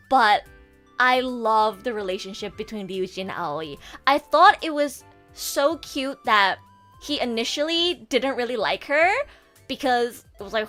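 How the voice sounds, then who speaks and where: Gushing, excitable young-sounding woman streamer. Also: fairly high pitch. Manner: gushing, excitable, lots of fillers. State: emotional, near tears at times. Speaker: VTuber streamer. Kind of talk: casual livestream chat.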